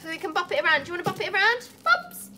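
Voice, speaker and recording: A woman's voice: very high-pitched, rapid-fire, pushed and bright, slight background noise. A woman opening gifts at a cat cafe, chatting casually and cooing at the cats. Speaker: cat cafe staff member.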